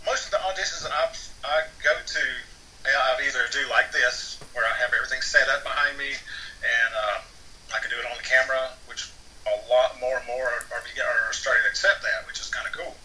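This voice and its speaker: A man's voice: medium pitch, steady tone, fairly quick, sharp tone, far from the mic, a little hiss or hum, low-quality recording. A man, an actor guest, telling a casual, rambling story that circles back and repeats words as he restarts sentences. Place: home near Atlanta.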